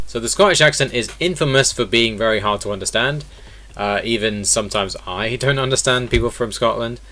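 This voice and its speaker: A man's voice: mid-range voice, a little fast, pushed and bright, faint music behind. A man teaching an online lesson in a casual way, explaining step by step and repeating example words. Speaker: accent teacher.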